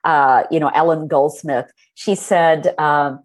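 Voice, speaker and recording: Woman telling stories, low-pitched. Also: a little slow, few pauses. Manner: warm, storytelling, animated when recalling moments. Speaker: author and guest. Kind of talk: conversational interview.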